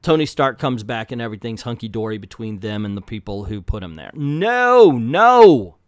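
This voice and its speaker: A man's voice: on the low side, fast, no room sound, clean studio sound. Blunt, profane man with a slight Southern drawl. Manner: blunt, profane, exasperated ranting. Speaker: comic book reviewer. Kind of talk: ranting review vlog.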